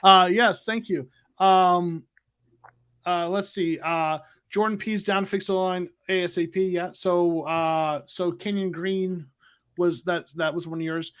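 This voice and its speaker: High-voiced man hosting a livestream. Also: fairly even intonation, a little slow, fairly bright tone, clean tone. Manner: rambling, many fillers and restarts. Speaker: livestream host. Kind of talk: casual livestream chat. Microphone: new microphone.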